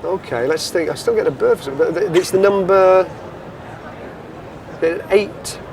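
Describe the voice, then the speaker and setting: A man performing comic street magic, chatting and joking quickly with the people watching. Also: sits high, noisy background. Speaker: street magician and show host. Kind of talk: comic magic patter with spectators. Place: city streets, outdoors.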